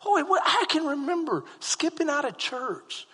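A male pastor preaching a sermon and telling a personal story, moving from hushed retelling to fervent shouting. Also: extremely high pitch, very animated, moderate pace. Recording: long hall reverb.

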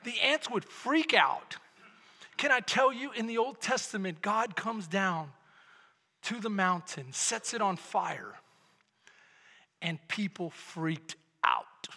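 A male pastor preaches with a very high, piercingly bright voice that carries an airy, husky edge. He tells his stories dramatically, dropping to hushed lines and rising to shouts. A long church reverb trails every word. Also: animated, a little slow. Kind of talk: sermon. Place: church sanctuary. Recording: long reverb of a large hall.

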